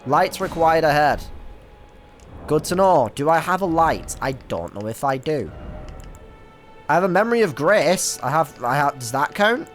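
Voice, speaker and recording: A young British man giving casual, excitable commentary while playing a game, swearing often and stumbling over his words. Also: on the high side, unhurried, faint music behind. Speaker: gaming streamer. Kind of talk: casual let's-play commentary.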